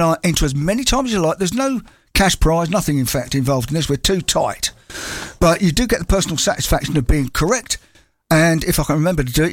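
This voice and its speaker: A man hosting a local radio show, chatty and self-mocking with quick asides, speaking into a studio microphone. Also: on the high side, dry recording. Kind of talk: casual local radio chat.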